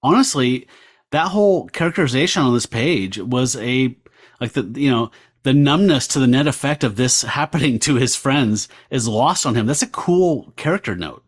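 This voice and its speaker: A man hosting a casual comics podcast, lively, who acts out the dialogue as he reads it. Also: mid-range voice, moderate pace. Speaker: podcast host.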